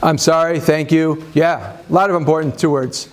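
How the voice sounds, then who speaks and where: A man's voice: on the high side, steady tone, normal speed, a crowd in the background. A man leading a marriage seminar, talking conversationally to an audience with self-deprecating humor, many fillers and restarts. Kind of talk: live seminar talk to an audience.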